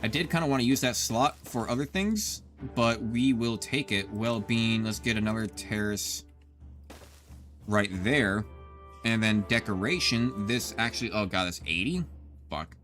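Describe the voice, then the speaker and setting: With background music underneath, this thirty-something streamer chats to his viewers through loose, profanity-heavy gameplay commentary. His voice is lowish and a bit bright, and his pace is unhurried.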